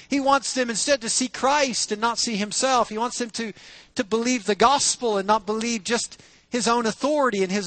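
A man's voice: sits high, a bit bright, no room sound. A man as pastor reading scripture, praying and preaching in an earnest, conversational way with rhetorical questions. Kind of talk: sermon.

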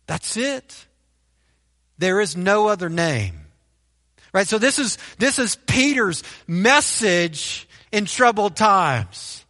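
Male pastor, sermon delivery, keeps asking "right?", bright tone, long hall echo. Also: extremely high pitch. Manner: preaches with rhetorical "right?" tags and repetition.

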